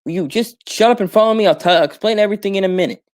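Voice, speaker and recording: A man voicing a bewildered, panicky stranded hero who speaks high, fast and exasperated. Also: lightly acted. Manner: high-pitched, exasperated, rushed.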